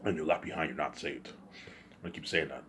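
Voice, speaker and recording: Guy with a really low voice going off on a repetitive accusing rant into his camera. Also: steady tone, a little fast, a bit bright. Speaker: vlogger. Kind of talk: ranting monologue to camera.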